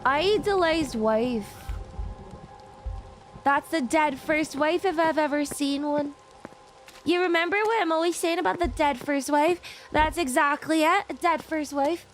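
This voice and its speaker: Brief: high-pitched woman streamer, chatty and loose, swears, game music behind her. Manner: chatty, swears freely, thinks out loud. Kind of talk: casual live-stream chat while gaming.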